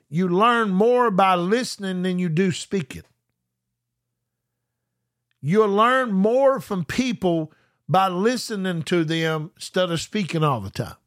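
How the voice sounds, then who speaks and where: High-voiced preacher. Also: male voice, a bit bright. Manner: slows down to read scripture with emphasis; repeats words and restarts mid-sentence. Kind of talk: live-streamed sermon.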